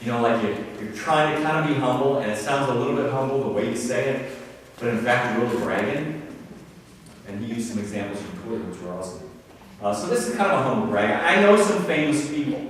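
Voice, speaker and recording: Pastor preaching in an echoey church hall. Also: male voice, medium pitch, a little hiss or hum. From Ohio. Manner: conversational and self-deprecating, with acted-out quotes. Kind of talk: sermon. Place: church sanctuary. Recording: reverberant church hall, mic at a distance.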